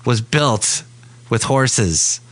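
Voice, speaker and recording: A man's voice: mid-range voice, expressive, extremely slow, a bit bright, dry recording. A man from California hosting a comedic podcast from a café, rambling and correcting himself as he talks. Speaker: podcast host. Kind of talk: casual comedic podcast chat.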